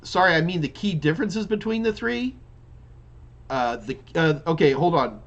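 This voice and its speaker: A man's voice: fairly high pitch, lively intonation, normal speed, lo-fi sound. A man hosting a live question-and-answer stream, reading out viewer questions and answering them in a loose, chatty way with many restarts, yawning now and then. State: yawning repeatedly. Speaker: live Q&A host and IT trainer.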